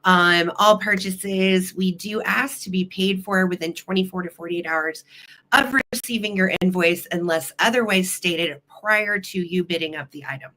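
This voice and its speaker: A bubbly woman hosts a live sale, greeting her viewers one by one with silly nicknames. Her voice is bright and forward, though she is nursing a cold. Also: on the low side, moderate pace. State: has a cold. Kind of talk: casual live-stream chat.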